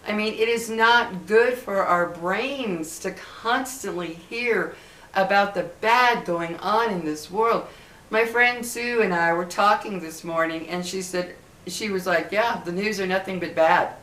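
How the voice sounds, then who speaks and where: A woman's voice: medium pitch, slow pace, a bit bright. A middle-aged woman vlogging casually to her viewers, talking in an impassioned, emphatic way and repeating herself for emphasis. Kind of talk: casual direct-to-camera talk. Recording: echoey room.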